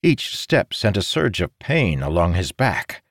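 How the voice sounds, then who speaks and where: A man narrating a fantasy audiobook in a steady, measured reading. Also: low voice, no echo, clean studio sound.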